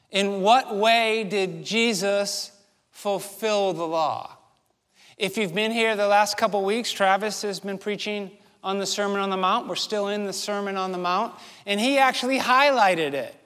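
Slow-talking male pastor in a hall. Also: high voice, a bit bright. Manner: slow, storytelling with rhetorical questions. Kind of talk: sermon. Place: church sanctuary.

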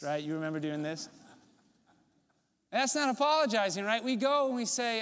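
A man gives a sermon in a lightly pitched voice, talking to the congregation like a friend. He asks rhetorical questions and sinks into soft, low tones for emphasis. His words ring out with a long reverb, as in a large sanctuary. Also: lively intonation, moderate pace, long pauses, smooth. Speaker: pastor.

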